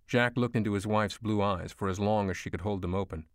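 Male audiobook narrator, lower register, steady expressive delivery, dead-dry booth sound. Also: dry recording. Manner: measured, expressive storytelling.

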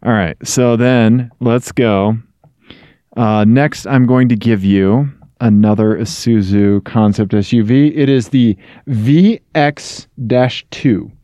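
This is a man co-hosting a podcast in casual chat. He talks in an animated, jokey way at a middling pitch. The sound is dry and close. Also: slow pace, dry recording. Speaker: podcast co-host.

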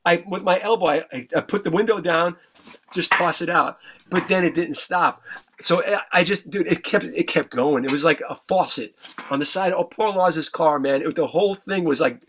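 Man, raised pitch, casual guest storyteller, profane and animated. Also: normal speed, slight background noise. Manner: animated storyteller, stumbling restarts, acts out voices. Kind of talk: casual anecdote, heavy swearing.

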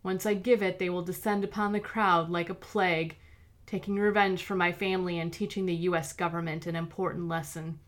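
A woman voicing a menacing, vengeful male villain who threatens and shouts. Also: lowish voice, steady tone, a little fast, natural voice.

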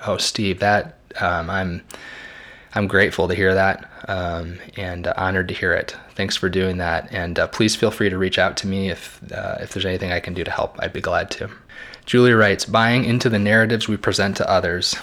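A middle-aged man hosting a podcast, who reads reflective passages and then chats gently about listener comments, with many fillers and restarts. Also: low voice. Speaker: podcast host. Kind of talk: reading aloud then live book-club chat.

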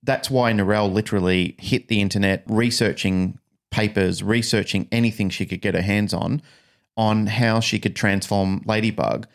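A man co-hosting a casual podcast, telling stories in an animated, emphatic way. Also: fairly low pitch, moderate pace. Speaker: podcast co-host.

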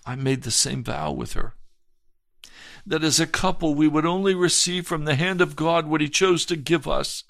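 Male pastor preaching on a broadcast, gravelly voice, dry close sound, earnest and emphatic. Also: a little high, fairly bright tone, dry recording. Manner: earnest and emphatic, with slow deliberate phrasing. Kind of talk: broadcast sermon testimony.

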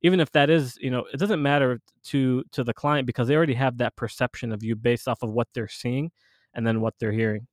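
A man's voice: mid-range voice, steady tone, brisk, no echo, studio quality. A man hosting a podcast in casual chat, rambling with many restarts and fillers. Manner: rambling, full of restarts and "you know". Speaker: podcast host.

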